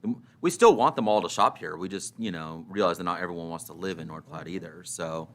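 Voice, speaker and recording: A man's voice: low voice, quick pace, a bit bright. A man speaking as a council member, earnest and hesitant with many fillers. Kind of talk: council discussion.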